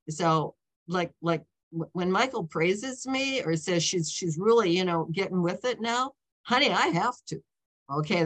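With a lowish, slightly bright voice, a woman in her seventies shares stories from her life as an author in an informal talk. She rambles, cutting into her own sentences with regular "okay?" and "you know" check-ins.

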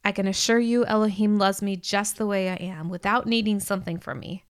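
A woman's voice: medium pitch, fairly even intonation, a little fast, clear, resonant tone, close to an everyday voice. A woman voicing a hurt, cold young man. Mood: wounded, cold.

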